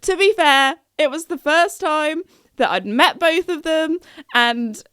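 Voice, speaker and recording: A woman's voice: expressive, takes it slowly, sharp tone, no room sound, studio quality. A young woman, hosting a podcast and telling a story in a casual, chatty, giggly way. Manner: chatty, giggly, jumps into high-pitched quoted voices. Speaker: podcast host.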